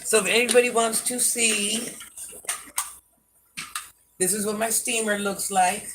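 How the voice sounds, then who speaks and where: A woman's voice: medium pitch, steady tone, a little slow, background noise. An older woman hosting a casual livestream, answering viewer comments bluntly and sassily, often talking about herself in the third person. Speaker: livestream host.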